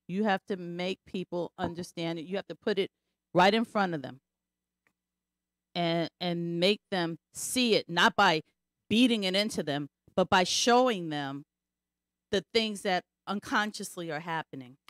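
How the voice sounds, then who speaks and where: A woman's voice: lowish voice, no room sound, studio quality. A woman co-hosting a talk radio show, speaking emphatically and insistently. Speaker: radio co-host.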